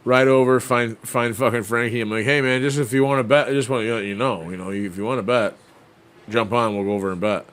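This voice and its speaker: A man's voice: medium pitch, fairly even intonation, fast, fairly bright tone. A man co-hosting a casual podcast, chatting and swapping racing stories in a laid-back, profane way. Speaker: podcast co-host. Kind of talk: casual storytelling chat.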